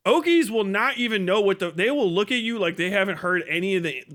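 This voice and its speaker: Guy livestreaming a profane joking rant, bright sharp voice, laughs a lot. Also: sits high, lively intonation, a little fast. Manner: laughs often, crude and mocking. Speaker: livestream host.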